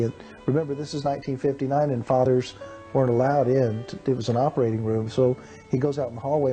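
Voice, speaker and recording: Texas guy in his 50s telling his testimony, mellow warm voice, dramatic and earnest, music faint underneath. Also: mid-range voice. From Texas, USA. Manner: earnest and dramatic, acting out the people in his story. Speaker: testimony speaker. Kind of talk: personal testimony storytelling.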